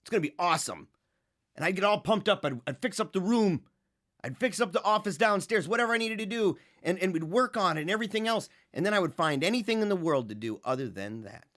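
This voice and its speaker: A man hosting a casual livestream show, his voice sitting a bit higher than most men's. He rambles with restarts and little chuckles, jumping from loud, lively bursts to quiet asides. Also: fast. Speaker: host.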